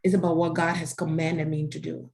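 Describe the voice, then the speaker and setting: A woman's voice: sits low, flat delivery, a little fast, gravelly, darkish tone. A woman raised in Africa, a foundation founder, answering interview questions about faith and purpose in an earnest, declarative way with preacher-like repetition.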